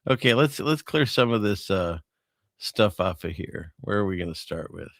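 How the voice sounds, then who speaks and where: A man hosts a show in a casual, rambling livestream chat, chuckling often and calling out to his wife. His voice is gravelly and bright. The sound is dry and close. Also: fairly low pitch, lively intonation, normal speed, no room sound. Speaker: host.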